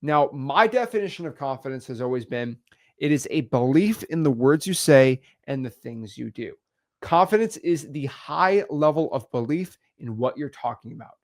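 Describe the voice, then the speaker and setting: A man coaching on real estate wholesaling, energetic and repetitive, acting out example calls. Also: mid-range voice, moderate pace. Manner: energetic, repeats words, acts out examples. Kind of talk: teaching talk on video.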